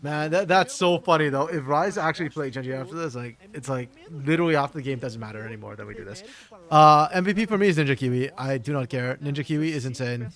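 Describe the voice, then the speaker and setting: Hoarse excitable esports co-streamer man. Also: medium pitch, fast. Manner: excitable, joking, rambling. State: hoarse from yelling. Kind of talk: casual live-stream commentary.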